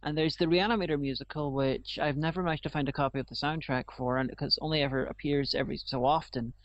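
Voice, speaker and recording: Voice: mid-range voice, steady tone, quick pace, dry recording. A podcast co-host in casual chat, explaining things hesitantly with frequent restarts. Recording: dull lo-fi podcast recording.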